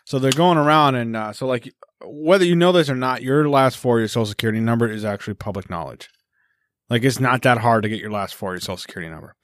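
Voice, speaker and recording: A man's voice: medium pitch, fast. Crude joking male podcast host. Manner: crude, joking, laughs often. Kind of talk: casual chat.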